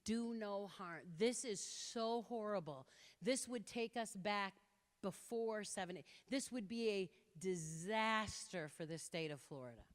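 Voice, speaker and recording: A woman giving an impassioned talk to an audience, telling stories with lively quoted voices. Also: medium pitch, unhurried. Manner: animated storytelling with quoted voices. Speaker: speaker. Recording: reverberant hall.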